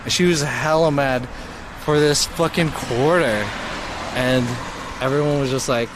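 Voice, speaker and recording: A young man streaming live, telling a story in a slangy, profane, animated way. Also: mid-range voice, unhurried. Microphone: mobile streaming mic. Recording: loud street and traffic noise.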